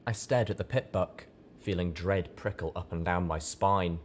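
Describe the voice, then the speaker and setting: Deep-voiced male audiobook narrator. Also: a little hiss or hum. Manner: steady, measured storytelling. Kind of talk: first-person story narration.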